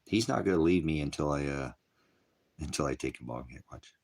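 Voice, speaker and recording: A man's voice: extremely low pitch, animated, fairly quick, gravelly, husky. A man with a cough rambling in casual livestream chat from a small cabin, often talking sweetly to his dog. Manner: rambling, talks baby-talk to his dog. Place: small hot cabin, off-grid farm.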